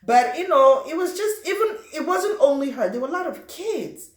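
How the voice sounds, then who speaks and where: Young woman, from Africa, personal storytelling, animated, roomy echo. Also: high-pitched, moderate pace. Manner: animated, acts out quotes and sound effects. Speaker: vlogger.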